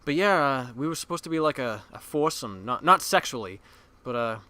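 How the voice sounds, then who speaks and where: Man, Boston accent, podcast co-host, crude self-mocking banter, bright tone. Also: medium pitch, expressive, fairly quick, dry recording. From Boston area. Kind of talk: casual chat. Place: basement room.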